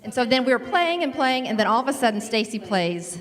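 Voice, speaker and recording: A woman with a fairly high, very lively voice recounts a card-game blowup with herself as the butt of the joke. She jumps in and out of acted-out quotes. The hall around her gives a long echo. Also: fairly quick. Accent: American. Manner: animated, acts out her own outbursts. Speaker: panel guest at a women's church event. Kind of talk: casual storytelling on stage. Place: church event hall. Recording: long hall reverb from a church PA.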